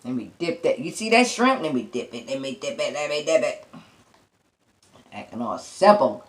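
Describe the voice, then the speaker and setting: A woman's voice: a bass voice, sing-song, normal speed. A woman hosting a seafood eating show, chewing between short remarks, humming with enjoyment and talking straight to her viewers. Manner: addresses viewers directly and teasingly. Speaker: mukbang host.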